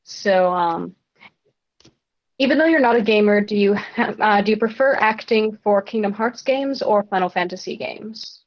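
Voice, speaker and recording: A woman's voice: medium pitch, normal speed, dull audio. A woman hosting a podcast, reading fan questions in a casual, playful way. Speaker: podcast host.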